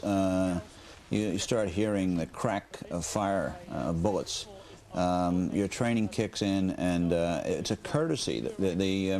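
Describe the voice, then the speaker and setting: Man, military analyst, deep-ish voice, measured, filler words, live news. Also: darkish tone.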